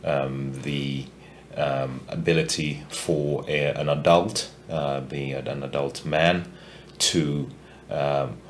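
A man hosts a relaxed podcast in a very low voice. He speaks slowly, pausing often with fillers and restarting his sentences. There is faint background noise behind him. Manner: halting, many fillers and restarts. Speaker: podcast host. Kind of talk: casual podcast chat.

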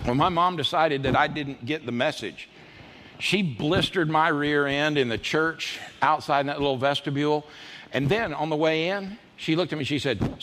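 A man in his fifties preaching a sermon, telling folksy personal stories and jumping into high voices when he quotes people. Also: animated, moderate pace, fairly bright tone. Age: 50s. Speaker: pastor. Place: church auditorium. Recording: reverberant church hall with faint ambience.

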